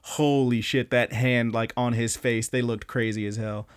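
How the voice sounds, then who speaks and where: A young man hosting a podcast, recapping anime episodes in a casual, animated way, swearing often and acting out lines. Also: mid-range voice, moderate pace, clear, resonant tone. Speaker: podcast host.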